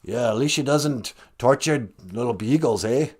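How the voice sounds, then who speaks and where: A man's voice: medium pitch, normal speed, darkish tone, slightly rough, natural voice. A man voicing an all-knowing male deity in an improvised comic skit, with a lilting put-on brogue and grandly solemn, folksy sermonizing. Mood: playful. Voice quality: lilting put-on brogue, calls her "me daughter". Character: Great Spirit, an all-knowing male deity, gently preachy.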